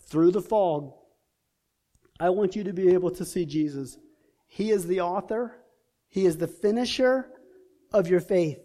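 A man's voice: sits high, measured pace, long pauses, mellow. A man preaching a sermon in an impassioned way, building through repeated rhetorical questions.

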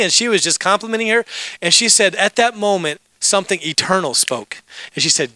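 A man's voice: high voice, fast, bright, forceful tone, dry recording. A middle-aged man preaching as pastor, telling stories and joking with the congregation. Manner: storytelling, joking asides with the congregation. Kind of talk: sermon.

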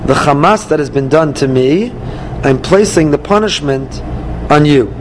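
A man teaching a Torah lesson, reading the verses and explaining them, acting out the dialogue with lively emphasis. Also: fairly high pitch, moderate pace, background noise. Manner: animated, acts out dialogue from the text with rising emphasis. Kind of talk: Bible study class.

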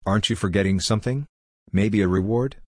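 A man voicing a greedy, excitable king in a storybook, eager and pleading, with a low, husky voice. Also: fairly quick, no echo, studio quality, lightly acted.

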